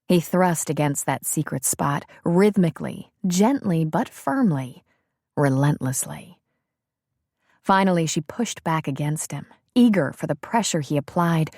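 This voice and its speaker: A woman narrating a romance novel in a soft, measured, intimate reading on a close studio mic. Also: lowish voice, dry recording. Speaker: audiobook narrator.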